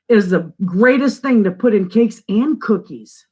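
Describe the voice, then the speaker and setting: At home but away from the living room, a homestead channel host, an older woman from northern Michigan, USA, greets viewers and reads their comments in a casual live stream. Her medium-pitched voice is expressive, dark and slightly rough, unhurried and with hardly any pauses.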